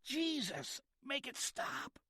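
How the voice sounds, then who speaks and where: A man's voice: on the high side, lively intonation, slow, vocal fry, dry recording, clean studio sound, voice pushed up, heavily acted. A man voicing a frightened male film star waking from surgery, speaking in a strained, pleading way. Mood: panicked.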